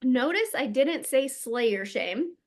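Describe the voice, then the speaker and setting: A woman's voice: high-pitched, expressive, takes it slowly. A woman healer and coach giving a casual teaching monologue, blunt and emphatic, swearing freely.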